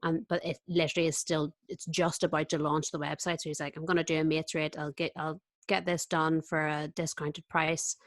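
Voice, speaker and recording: A woman with a notably low-pitched voice talks casually as a podcast guest, telling a story with animation and voicing her own thoughts along the way. The sound is dry and close, with no room echo. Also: fairly quick, few pauses. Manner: lively storyteller, acts out her own inner voice. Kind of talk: casual chat.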